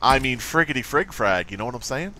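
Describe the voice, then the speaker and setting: Playful, lively-voiced gamer man. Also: medium pitch, brisk, slight background noise. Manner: playful, swears, giggles, hums nonsense to himself. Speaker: game streamer. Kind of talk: live gameplay commentary. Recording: loud game sounds behind voice. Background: video game effects and voice lines.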